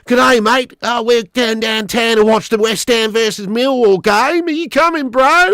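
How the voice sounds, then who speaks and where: A man's voice: extremely high pitch, unhurried, fairly bright tone, clear, resonant tone, no room sound, clean studio sound, pitched above the performer's own voice. A man putting on an exaggerated Australian accent to mock an actor's bad attempt at a Londoner. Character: man with an overdone Aussie accent.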